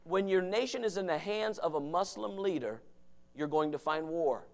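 Man, pastor, fiery sermon, lively swooping pitch, murmurs to shouts. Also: moderate pace. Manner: swings from low murmurs to shouting.

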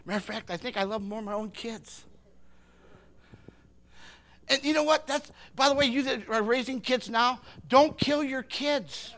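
An older man preaching a sermon, impassioned, swinging from hushed words to shouting. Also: very high-pitched, a little slow, pauses often.

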